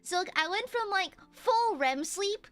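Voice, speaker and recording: Very high, bright-voiced giggly woman streamer. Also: lively intonation, a little slow. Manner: bubbly, giggly, swears casually. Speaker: livestreamer. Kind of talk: casual chat reading donations.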